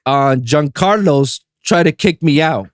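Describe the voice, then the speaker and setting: A man's voice: fairly high pitch, measured pace, no echo, clean studio sound. A man from Puerto Rico hosting a podcast, telling stories in casual chat, acting out quotes and swearing casually. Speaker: podcast host.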